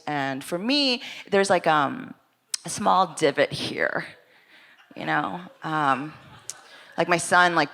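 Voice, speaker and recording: A young woman tells comic stories at a live story slam, performing stand-up style on stage before an audience. Her lowish yet very bright voice carries an animated, chatty, self-deprecating delivery packed with quick asides.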